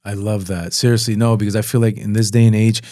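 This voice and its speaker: A man hosting a podcast in casual conversation, animated and playful, often jumping into goofy higher voices when he quotes himself. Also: fast talker, no echo, clean studio sound. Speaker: podcast host and fence sales director.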